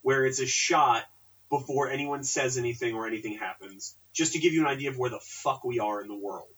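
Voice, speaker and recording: A man's voice: medium pitch, a little fast, fairly bright tone, recorded from a distance, rough recording. A man co-hosting a casual movie podcast, recapping scenes in a jokey, rambling way with some swearing. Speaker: podcast co-host. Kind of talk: casual movie-review chat.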